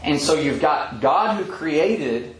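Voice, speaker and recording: A man giving a verse-by-verse bible teaching, explaining thoughtfully with frequent pauses and ums. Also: fairly high pitch, animated. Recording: echoey room with faint background hum.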